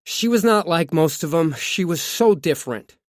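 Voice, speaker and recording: A man narrating a true crime audiobook, reading a confession in a measured first-person voice. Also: a little high, animated, no room sound, clean studio sound.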